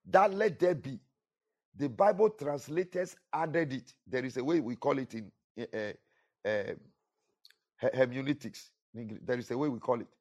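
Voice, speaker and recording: A man's voice: mid-range voice, normal speed, darkish tone. A man preaching a sermon with emphatic, repetitive delivery, rising and falling for effect. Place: church.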